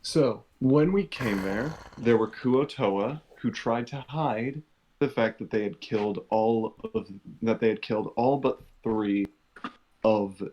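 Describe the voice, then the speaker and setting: A man playing a character at a tabletop game, explaining things in a measured, earnest way. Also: fairly low pitch, mellow, poor audio. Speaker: player.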